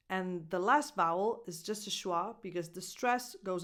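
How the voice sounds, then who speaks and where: A woman coaching English pronunciation, repeating each word slowly and carefully and spelling out its sounds. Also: mid-range voice, a bit bright. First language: Italian. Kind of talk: pronunciation lesson.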